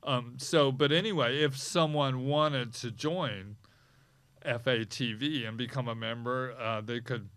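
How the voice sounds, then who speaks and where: A man hosting a podcast, talking in a rambling, halting way, hoarse and losing his voice, in a small podcast studio. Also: mid-range voice, fairly even intonation, fairly bright tone. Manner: rambling, halting, with many restarts. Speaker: podcast host. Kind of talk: casual chat.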